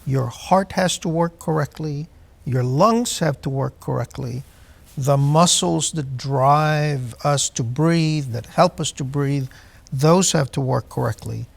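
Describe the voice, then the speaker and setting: Man, 60s, doctor, gravelly voice, slow measured delivery, hesitant fillers. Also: on the high side. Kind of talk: TV health call-in answers.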